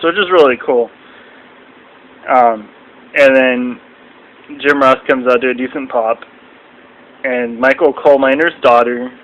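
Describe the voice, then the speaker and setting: Brief: young male vlogger, bright voice, rambling casual review, dull webcam sound. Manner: rambling, acts out quotes in shrill mocking voices.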